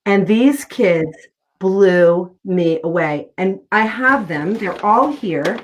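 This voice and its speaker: An earnest middle-aged woman speaks as a guest in a relaxed interview, telling personal stories in a heartfelt, conversational way. Her voice sits at an ordinary pitch for a woman. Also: slow pace, a little hiss or hum.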